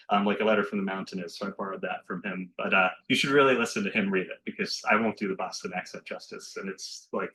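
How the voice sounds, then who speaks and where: A man giving a poetry reading in a bookshop, chatting loosely between poems and reading them slowly and carefully. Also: fairly low pitch, bright, forceful tone, rough recording. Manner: chatty and self-deprecating between poems, slow and measured when reading. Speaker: poet reading his work. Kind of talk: poetry reading with casual asides. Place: bookshop reading room with a live audience.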